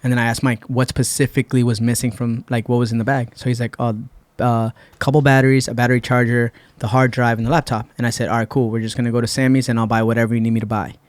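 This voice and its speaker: This podcast guest from Puerto Rico has a medium-pitched voice and talks fast with few pauses, and there's no echo. Sitting in the studio, he casually works through a long story, retelling events and voicing the people involved.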